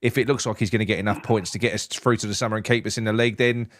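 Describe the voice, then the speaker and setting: A man's voice: on the low side, flat delivery, very fast, a bit bright, no room sound, clean studio sound. A man hosting a live football phone-in, talking casually with stammered restarts and swearing.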